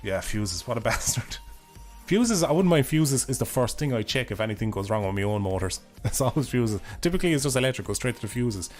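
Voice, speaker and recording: Fast-talking hoarse Irish streamer. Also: male voice, medium pitch, expressive, a little mellow, soft background music. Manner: rambling, swears freely, laughs often. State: hoarse, voice failing. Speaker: game streamer. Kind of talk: casual livestream chat while gaming.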